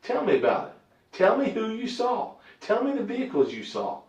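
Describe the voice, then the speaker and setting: A man's voice: sits high, wildly swooping pitch, normal speed, a little mellow. A man interrogating a suspect as a police detective, blunt, confrontational and full of profanity. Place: interrogation room. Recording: echoey, muffled room recording from a distant mic.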